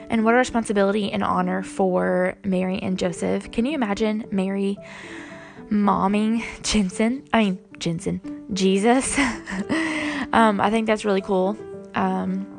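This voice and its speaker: A woman's voice: mid-range voice, vocal fry. A young woman and mother talking casually and earnestly to her viewers, with lots of ums. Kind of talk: casual faith vlog chat.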